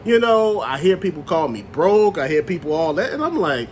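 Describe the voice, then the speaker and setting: Animated high-pitched man ranting. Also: moderate pace, slight background noise. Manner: loose, animated rant with slang and cussing. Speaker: channel host. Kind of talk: ranting to camera.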